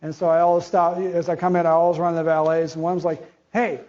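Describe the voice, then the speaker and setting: A man's voice: on the high side, monotone, quick pace, darkish tone. A middle-aged man giving a conversational conference presentation. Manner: conversational, acts out quoted dialogue. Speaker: conference speaker. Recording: dull lo-fi audio.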